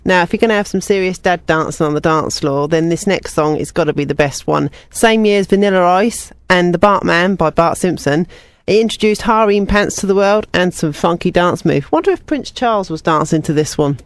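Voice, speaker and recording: A woman's voice: fairly low pitch, brisk, no echo. A young woman presenting a student radio music show, chatty and personal between songs.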